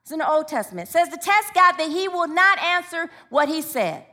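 Bright high-voiced woman preaching a sermon. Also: expressive, brisk. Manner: call-and-response with the congregation; personal storytelling.

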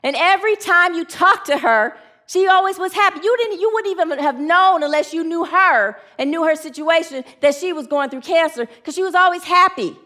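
A woman's voice: very high-pitched, moderate pace, sharp tone. A woman preaching a sermon, using call and response with her congregation and telling stories in an earnest way. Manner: earnest, storytelling with acted quotes.

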